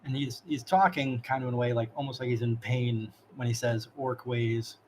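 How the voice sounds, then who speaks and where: Dude GMing a tabletop session, loose casual descriptions, normal pitch. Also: male voice, steady tone, moderate pace, slight background noise, low-quality recording. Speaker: game master. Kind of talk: narrating a tabletop game.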